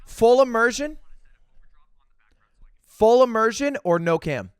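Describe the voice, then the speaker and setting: A young man livestreaming from his home setup, hosting a virtual talent show in VR with energetic, joking, quick-to-laugh chatter. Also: very high voice, clean tone, dry recording, clean studio sound. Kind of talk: casual livestream chat. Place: home streaming setup, playing in VR.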